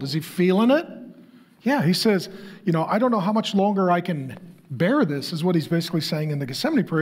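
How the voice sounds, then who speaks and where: A man's voice: high-pitched, a little mellow. A middle-aged man, a pastor, preaching a conversational sermon that keeps throwing rhetorical questions at the crowd.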